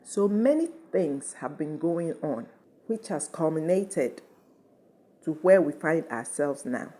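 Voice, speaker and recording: A woman's voice: sits low, lively intonation, takes it slowly, warm tone. A woman hosting a commentary channel, speaking with indignant, emphatic passion. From Ghana. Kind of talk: impassioned commentary.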